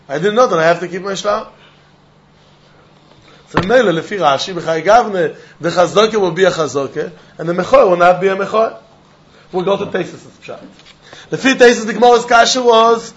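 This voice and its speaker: A man's voice: sits high, fairly bright tone, muffled recording. A man teaching a Talmud class, repeating points with emphatic sing-song delivery and mixing in Yiddish and Hebrew terms.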